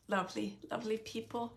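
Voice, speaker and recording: A psychic medium gives an earnest, emotional live spirit reading for a sitter, laughing often and sometimes dropping to a soft hush. Her voice is a little high, with vocal fry.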